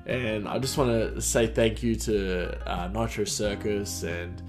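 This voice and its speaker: A man hosting a podcast tells a casual story in a rambling way, trailing off and restarting often. His voice sits a little low for a man. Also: steady tone, takes it slowly, music in the background. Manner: rambling, full of fillers and restarts. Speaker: podcast host.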